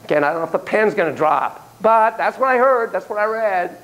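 A man's voice: sits high, expressive, fairly quick, a bit bright. A man teaching a class on child psychotherapy, emphatic and playful, with frequent asides. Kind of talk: classroom lecture.

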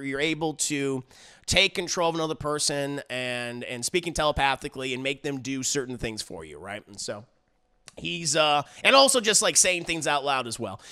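Gravelly, bright-voiced casual movie reviewer. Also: male voice, fairly high pitch. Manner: rambling, crude, many fillers.

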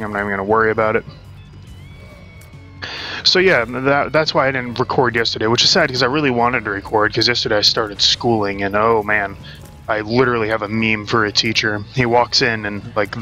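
A young adult man rambles and swears casually at his desk at home while playing a game for his gaming channel, with soft music in the background. His lowish voice is steady and sharp, and he talks a little fast in this let's-play commentary.

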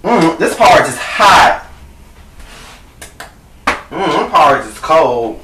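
A woman's voice: low voice, sing-song, a bit bright, a little hiss or hum, heavily acted. A man doing a sassy, drawling Goldilocks. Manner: slow drawl, savoring "mm", profane. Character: sassy, greedy young woman intruder. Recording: echoey room, distant mic.

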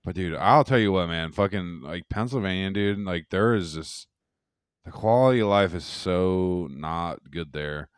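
A young man with a low, smooth, resonant voice rambles through a casual podcast chat, swearing freely and cracking himself up. The sound is close and dry, with no room around it. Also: measured pace, no room sound. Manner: profane, rambling, laughs at own bits. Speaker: podcast co-host.

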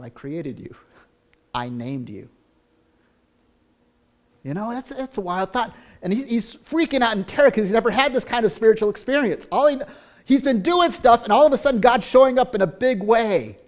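A man preaching a sermon as pastor, earnest, often repeating words and restarting, swinging between loud stretches and hushed ones. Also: very high voice.

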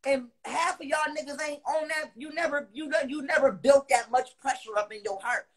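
At a moderate pace, a man rants to his online audience, heated and swearing freely. He repeats himself for emphasis, moving between subdued, low stretches and loud bursts.

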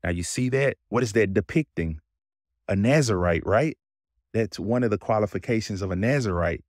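Deep-voiced Southern man teaching the Bible. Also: normal speed, no room sound, studio quality. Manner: conversational, explains and asks listeners questions. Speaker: Bible podcast host.

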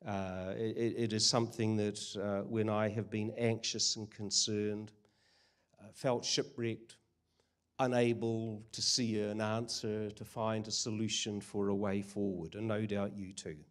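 A man's voice: fairly low pitch, flat delivery, measured pace. An older man preaching a sermon, earnest and conversational with frequent hesitations. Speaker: guest preacher.

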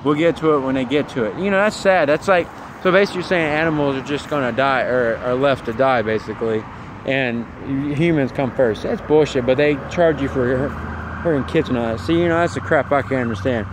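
A man's voice: medium pitch, brisk. A man filming a phone vlog outdoors at work, ranting and swearing in anger. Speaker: vlogger. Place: outdoors at a work site, near traffic. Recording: outdoor traffic noise.

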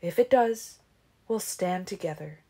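A woman voicing a calm, kindly male vampire patriarch in an audiobook reading. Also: lowish voice, measured pace, breathy edge, heavily acted.

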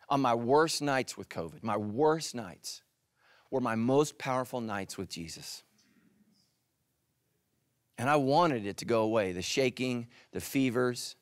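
A middle-aged male pastor preaching a sermon, animated, swinging from loud emphatic peaks to hushed, quiet lines. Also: medium pitch, measured pace, no room sound, clean studio sound. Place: church stage.

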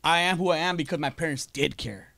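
Podcast host dude, talks real fast, mid pitch, laid back chat, dry close mic. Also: male voice, creaky, bright, forceful tone, no room sound. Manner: reflective, offering his own view. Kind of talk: casual conversation.

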